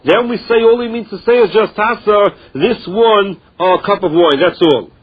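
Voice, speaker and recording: Husky high-pitched man teaching Talmud. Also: normal speed. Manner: mixes Aramaic and Hebrew terms into English, explaining in a chanting study rhythm. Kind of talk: Talmud lesson, translating and explaining. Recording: dull lo-fi recording.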